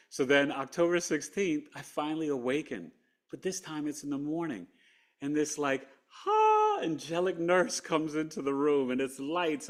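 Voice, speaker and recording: A man as an interview guest, earnestly recounting a personal story and acting out what people said. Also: mid-range voice. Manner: earnest, animated, acts out quotes.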